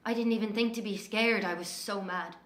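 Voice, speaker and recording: A young adult woman speaks in a mid-range voice with fairly even intonation, sounding close to everyday speech. She's an Irish-accented actress delivering an audio-drama monologue as a young woman haunted by her vanished twin, breathless in the telling and quick to anger.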